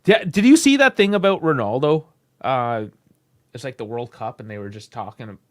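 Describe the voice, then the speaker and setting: A man's voice: medium pitch, expressive, normal speed. A man co-hosting a casual call-in sports podcast, telling rambling, joking stories. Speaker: podcast co-host. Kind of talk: casual call-in show chat.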